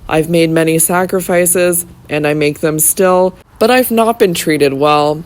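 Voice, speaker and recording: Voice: mid-range voice, a little slow, close to an everyday voice. A reader voicing a self-pitying, peevish old grandfather who whines and apologizes in an audiobook. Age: over 60. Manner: whining, apologetic.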